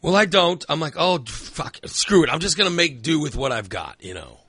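Bright, rambling man telling a story. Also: fairly high pitch, sing-song, brisk, husky, no room sound, clean studio sound. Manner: rambling storyteller, filler-heavy, swears freely. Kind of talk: casual chat.

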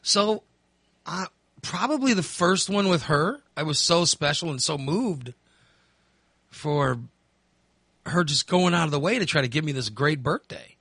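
A man's voice: on the high side, animated, unhurried, pauses often, a bit bright, breathy edge, no room sound. A man in his fifties, hosting and telling a candid, rambling story in casual chat. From Texas. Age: 50s. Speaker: host.

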